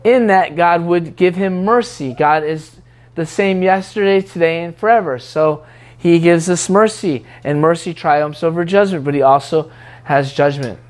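A man's voice: on the high side, measured pace. A man preaching a sermon in a conversational way, teasing and mimicking what others say in prayer.

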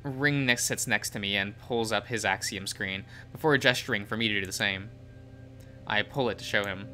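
A man's voice: on the low side, moderate pace, pushed and bright. A man reading a visual novel aloud as the show's host, in plain narration. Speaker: game reader.

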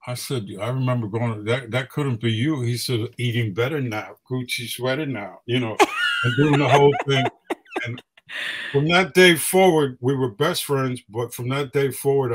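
An older man guests on a morning radio show, telling his stories with lots of animation. He acts out the other people's lines as he goes. His voice sits at an ordinary middle pitch. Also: low-quality recording. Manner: animated storyteller, acts out quotes. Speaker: guest photographer. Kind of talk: casual storytelling.

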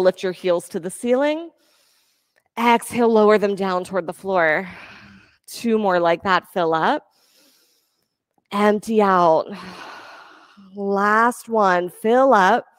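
A woman yoga instructor giving calm, encouraging cues for breath and poses during a class. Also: medium pitch, slow, long pauses, no room sound.

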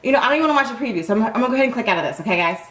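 A woman hosting an anime reaction video, swearing, gasping and shouting at the screen. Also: a little high, expressive, racing, echoey room. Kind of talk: excited reaction commentary.

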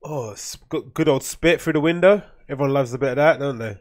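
A man's voice: mid-range voice, brisk. A man hosting a solo podcast, rambling and swearing as he comments on videos. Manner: rambling, swearing, laughing often. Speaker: podcast host.

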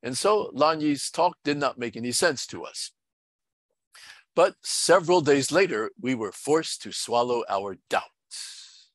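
A middle-aged man, a pastor, recounting a story in an earnest, measured sermon style. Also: medium pitch, expressive, dry recording.

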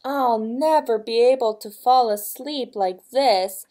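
A woman's voice: high-pitched, animated, slow pace, darkish tone, voice pushed up. A woman voicing an old queen who snaps indignantly that she cannot sleep. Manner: snappish, indignant.

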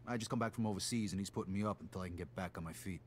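An actor playing a young war veteran working as an enforcer, tough and laconic. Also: male voice, deep voice, racing, slight background noise, natural voice. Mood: cool.

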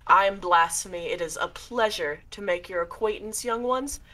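A woman's voice: medium pitch, moderate pace, sharp tone, close to an everyday voice. A woman voicing a huge, top-hatted male shade who is grandly polite and sinister. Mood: courteous. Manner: overly polite, grandly formal.

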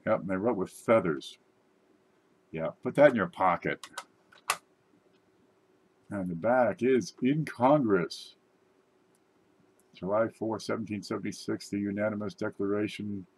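A man's voice: lowish voice, slightly rough. A man hosting his channel, chatting casually and joking while opening mail. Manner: joking, rambling, tall tales. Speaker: YouTube channel host. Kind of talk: casual unboxing chat.

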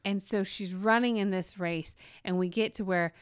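A woman in her forties shares a family story on a parenting podcast, with lively, emotional delivery and frequent restarts. Her voice is mid-pitched and recorded dry and close, with no room sound. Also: normal speed, clear, resonant tone, no room sound. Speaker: podcast co-host. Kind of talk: casual storytelling chat.

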